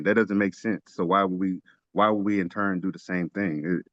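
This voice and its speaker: A man's voice: low voice, fairly even intonation, normal speed, a bit bright, no room sound, lo-fi sound. A man leading a casual religious study discussion, making his points emphatically and asking rhetorical questions. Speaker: teacher of a religious study group.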